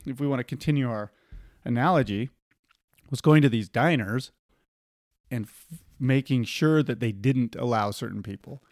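A man's voice: medium pitch, moderate pace, long pauses, a little mellow, no echo. A man hosting a podcast in casual chat, rambling with asides and restarts into a studio microphone. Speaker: podcast host.

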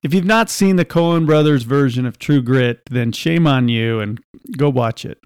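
A man's voice: mid-range voice, normal speed, darkish tone, smooth, no echo, clean studio sound. A man hosting a podcast, casually and animatedly retelling film scenes with frequent laughs. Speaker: podcast host. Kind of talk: casual chat.

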